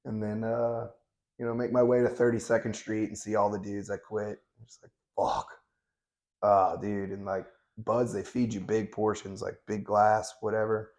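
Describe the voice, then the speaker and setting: A man's voice: on the low side, level tone, moderate pace, darkish tone. A man in his thirties telling stories as an interview guest, in a blunt, laid-back way and with plenty of swearing. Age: 30s. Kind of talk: casual interview storytelling.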